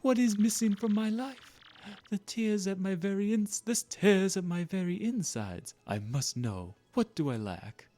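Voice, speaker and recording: A man's voice: high voice, wildly swooping pitch, normal speed, few pauses, mellow, pitched above the performer's own voice, full character voice. A man voicing a vain, dramatic rich male merchant who talks in a pompous, theatrical way with a put-on foreign lilt.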